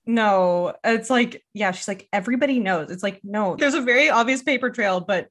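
A woman's voice: medium pitch, moderate pace, fairly bright tone. A woman from Quebec co-hosting a podcast, chatting casually with many "like"s and frequent laughter. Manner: chatty, lots of "like", laughs often. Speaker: podcast co-host. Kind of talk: casual chat.

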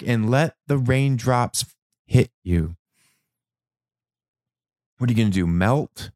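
A man giving a reflective motivational talk about anger and change, slow and emphatic, repeating words and now and then swearing. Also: medium pitch, darkish tone, dry recording, studio quality. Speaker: self-help speaker.

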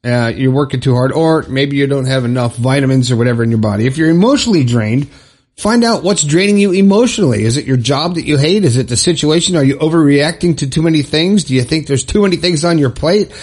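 A man's voice: on the high side, animated, fast, a little mellow. A middle-aged man hosting a solo podcast, giving advice in a casual, conversational way and chuckling at himself now and then. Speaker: podcast host.

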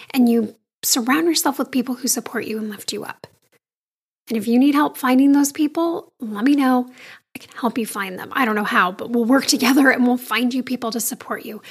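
Woman, husky voice, fairly high, earnest, soft near-whispers. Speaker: vlogger. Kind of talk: casual storytelling to viewers.

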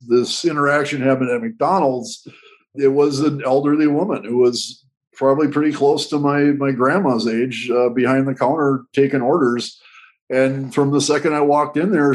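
A man's voice: mid-range voice, low-quality recording. Candid man telling his story. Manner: earnest, candid, frequent restarts and repetitions. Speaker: guest. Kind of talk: reflective storytelling.

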